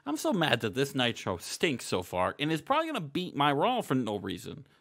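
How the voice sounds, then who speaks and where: Wry, lively-pitched male podcast co-host. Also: fairly quick, vocal fry. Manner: laid-back, wry reactions. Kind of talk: casual podcast chat.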